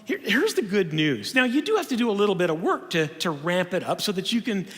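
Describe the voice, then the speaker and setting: A man giving a humorous conference lecture in a church auditorium, telling stories in an animated way with frequent restarts. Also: sits high, a little fast. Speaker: conference speaker. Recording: long reverb of a church hall.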